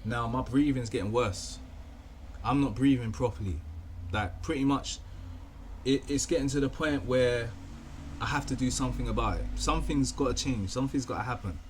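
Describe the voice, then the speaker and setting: A man's voice: medium pitch, normal speed, slight background noise. A young man telling a rambling, casual story, often repeating himself and saying "you know what I mean.". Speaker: vlogger.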